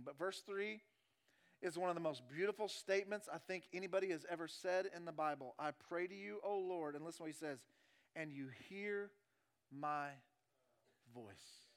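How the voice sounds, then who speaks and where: A male pastor preaching a sermon, moving between loud emphatic passages and hushed, drawn-out phrases, repeating key lines slowly for weight. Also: a little high.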